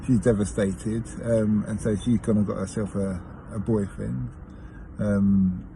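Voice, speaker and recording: A man's voice: fairly low pitch, steady tone, measured pace, gravelly, warm tone, rough recording. A man who drives a taxi, telling passenger stories in a casual, chatty way, laughing and correcting himself as he goes. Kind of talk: casual storytelling monologue. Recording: car and street noise behind.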